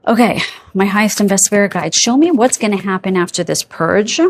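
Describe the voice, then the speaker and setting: A tarot reader with a medium-pitched voice talks a little quickly over slight background noise. Chatty and digressive, she laughs and yawns while reading for her viewers, often saying "you guys" and asking "okay?"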